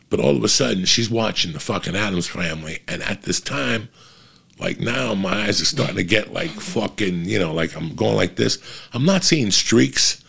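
Male podcast host, low gravelly voice, rambling and foul-mouthed. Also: a bit bright. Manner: rambling, swears constantly. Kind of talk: casual profane storytelling.

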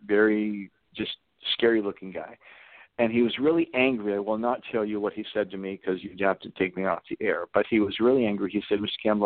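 A man's voice: on the low side, no echo. A man telling stories as a radio guest, acting out the people in them. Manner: anecdotal, acts out the people in his stories. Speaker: radio guest, seminar teacher. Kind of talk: storytelling on a radio call-in. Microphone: telephone. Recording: tinny phone line, dry.

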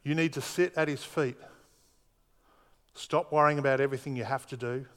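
A man's voice: mid-range voice, steady tone, moderate pace, fairly bright tone. Earnest man preaching in a reverberant hall. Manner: earnest, repetitive emphasis. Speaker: pastor. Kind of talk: sermon.

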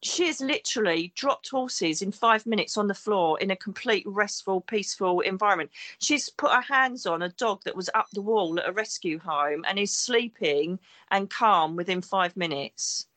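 At a moderate pace with few pauses, this woman speaks in a medium-pitched, fairly bright voice. She's a psychic medium and former detective giving an emphatic interview, voicing the people she quotes.

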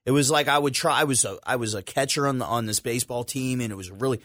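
A man speaking as a guest in a casual interview, halting and restarting often. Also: medium pitch, fairly bright tone, no room sound.

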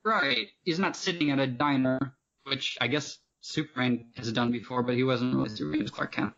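A man's voice: mid-range voice, a little fast, vocal fry, a bit bright. A man appearing as a podcast guest, talkative and digressive in casual chat. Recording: dull lo-fi sound.

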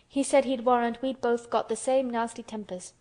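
Woman reading a blunt earnest girl; pitch up, plain and solemn. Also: level tone, moderate pace, darkish tone, lightly acted. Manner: frank and earnest. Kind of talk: storybook character voice.

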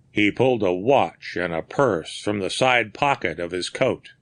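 A man narrating a mystery story in a measured, deliberate way. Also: on the low side, lively intonation, dry recording. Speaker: audiobook narrator. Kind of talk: scripted narration.

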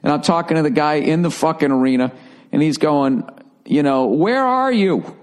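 A man's voice: on the high side, fairly even intonation, fairly quick, a little mellow. A middle-aged man hosting his podcast, telling a rambling, profane comic story and mocking himself along the way. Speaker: comedian and podcast host.

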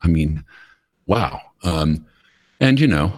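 A middle-aged American man with an extremely low, rumbling voice. He talks candidly and chattily as a podcast guest, telling stories and acting out bits of dialogue. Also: expressive, slow pace. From United States. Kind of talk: casual interview storytelling.

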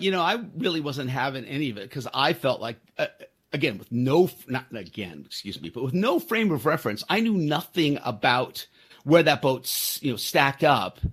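A man's voice: mid-range voice, a bit bright, breathy edge. A man in his sixties hosting a podcast, telling a story in a rambling, self-deprecating way, with many fillers and restarts. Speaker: podcast host. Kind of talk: casual storytelling.

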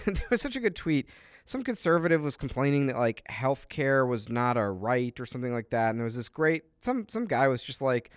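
A man's voice: mid-range voice, big pitch swings, fairly quick, clear, resonant tone, dry recording, studio quality. A man co-hosting a podcast in casual chat, rambling with many fillers. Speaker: podcast co-host.

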